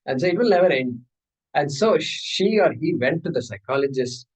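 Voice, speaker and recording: This scripture teacher has a fairly high voice with a breathy edge and speaks at a moderate pace over poor audio. He keeps things conversational, playfully performing short dialogues and asking rhetorical questions.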